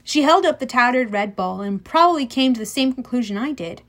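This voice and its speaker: Woman narrator, high voice, lively first-person audiobook reading. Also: brisk.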